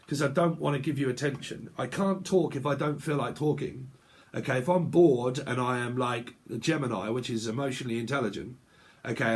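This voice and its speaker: A man giving a casual tarot reading, rambling bluntly and swearing freely. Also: mid-range voice. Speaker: tarot reader.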